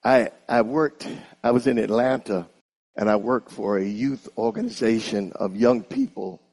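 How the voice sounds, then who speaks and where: A man preaching a sermon in an animated style, calling on the congregation to repeat after him. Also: lowish voice, husky. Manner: animated, call-and-response with congregation.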